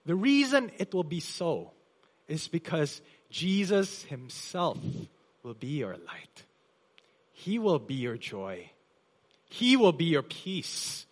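A man pastor preaching a sermon in a church, with emphatic delivery that swells loud on key phrases and drops soft. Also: a little high, big pitch swings, slow. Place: church hall.

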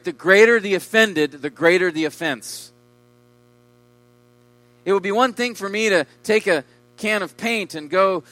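A man preaching a sermon with emphasis, his voice swelling loud on key words and dropping low. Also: no room sound, poor audio. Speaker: pastor.

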